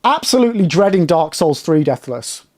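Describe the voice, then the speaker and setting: A man's voice: on the high side, very animated, normal speed, darkish tone, soft background music. A young man streaming a game live, elated and shaky with nerves after a win, talking to his chat in bursts.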